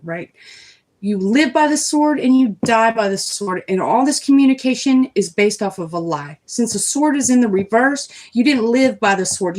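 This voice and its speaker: A young woman doing a casual, rambling tarot reading on a live stream, talking straight to her viewers. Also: a little high. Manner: chatty, rambling, reads the cards out loud to viewers.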